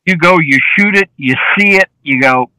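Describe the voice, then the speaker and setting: A man, a film director, telling lively anecdotes as an interview guest and often acting out the dialogue he quotes. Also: on the high side, normal speed, dry recording, rough recording. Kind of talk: casual interview storytelling.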